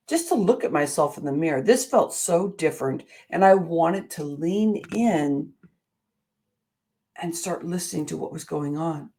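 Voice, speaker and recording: A woman's voice: lowish voice, darkish tone. A middle-aged woman hosting a motivational show, telling a personal story in an earnest, emphatic way. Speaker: show host.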